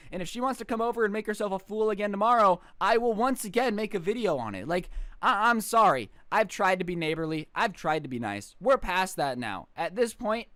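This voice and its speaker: A man's voice: high voice, fairly bright tone, smooth, no echo. A man in his twenties telling a story in a casual, exasperated and sarcastic rant at his computer. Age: 20s. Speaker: storyteller vlogger.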